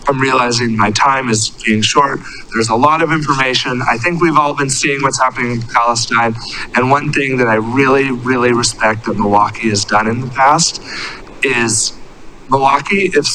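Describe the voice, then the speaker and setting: A man in his thirties giving an earnest, halting public comment at a city council meeting, speaking into a podium microphone. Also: medium pitch, bright, forceful tone, slight background noise, low-quality recording. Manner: earnest, halting, searching for words. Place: council chamber.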